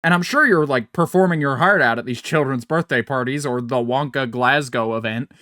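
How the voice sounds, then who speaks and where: A man's voice: mid-range voice, fairly quick, pushed and bright, no echo, studio quality. A man co-hosting a podcast in casual chat, rambling and swearing freely, laughing often. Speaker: podcast co-host.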